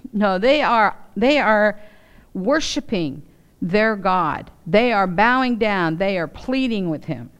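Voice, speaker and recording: Woman with a smooth voice teaching scripture. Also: medium pitch, slow, muffled recording. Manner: expressive, acts out quoted voices. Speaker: Bible teacher. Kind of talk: Bible teaching with scripture reading.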